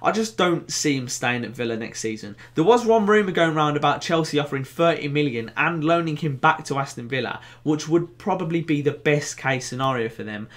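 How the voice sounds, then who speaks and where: Young brummie guy chatting footy to camera, bit high voiced, jokey and excitable. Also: a little fast, few pauses. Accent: Birmingham. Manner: animated and jokey, bursts of excitement. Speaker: football vlog host. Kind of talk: casual to-camera football chat.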